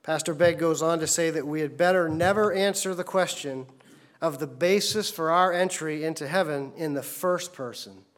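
A man's voice: a little high, moderate pace. A man preaching a sermon to his congregation, telling stories in an earnest way. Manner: earnest storytelling preacher, voices characters in anecdotes. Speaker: pastor.

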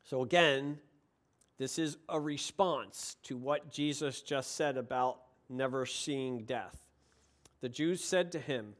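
A man preaching a sermon with passion, moving from quiet, reflective passages into excited, emphatic ones. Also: mid-range voice, slow.

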